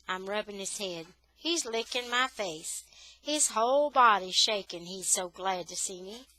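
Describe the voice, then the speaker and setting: Slow, bright-voiced woman reading a story. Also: mid-range voice, poor audio. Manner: slow, careful, expressive storytelling. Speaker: reader, English tutor. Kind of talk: reading a children's novel aloud.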